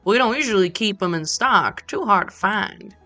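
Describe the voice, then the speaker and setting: A woman's voice: medium pitch, animated, moderate pace, bright, forceful tone, dry recording, faint music behind. A woman voicing a friendly middle-aged male shopkeeper in a game, with an accent that drifts in and out. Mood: cheerful. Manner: reads game dialogue aloud with a wavering put-on accent.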